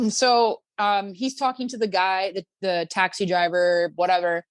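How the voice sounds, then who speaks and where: A woman's voice: medium pitch, measured pace, dry recording. A woman telling a travel story in casual podcast chat, acting out quotes with lots of fillers. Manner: animated, acts out quotes with fillers. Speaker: podcast guest.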